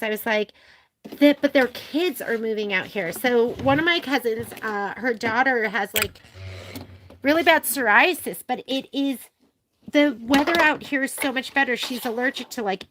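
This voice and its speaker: This middle-aged woman's fairly high, sharp voice carries her sewing tutorial vlog for a sewing shop, with a bit of hiss or hum in the background. Her chatter is rambling and gushing, packed with fillers, and a camera on a filming arm records it.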